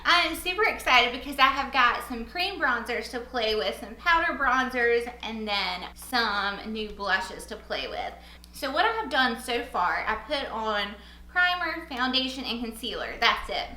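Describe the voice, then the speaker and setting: A young woman with a Southern US accent chatting casually through a makeup tutorial, bubbly and quick to laugh at herself. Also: fairly high pitch, expressive, bright, forceful tone, reverberant, rough recording. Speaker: beauty vlogger.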